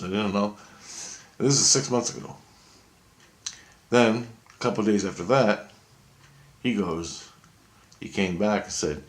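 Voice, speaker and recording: A man in a rambling, profane monologue, telling his story excitedly. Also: low-pitched, takes it slowly, long pauses.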